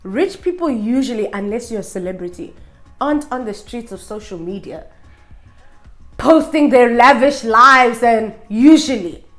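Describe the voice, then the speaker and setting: A woman's voice: fairly high pitch, animated, measured pace. Woman vlogger, sassy and emphatic, rhetorical questions, faint music underneath. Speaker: vlogger reviewing documentaries. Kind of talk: opinionated casual review.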